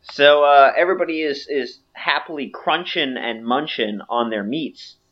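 A man narrating a tabletop game as game master, halting often and laughing between lines. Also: mid-range voice, dull audio.

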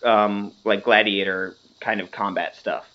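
A man acting as game master, explaining and narrating a tabletop game in a halting way, full of fillers. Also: lowish voice, fairly even intonation, lo-fi sound.

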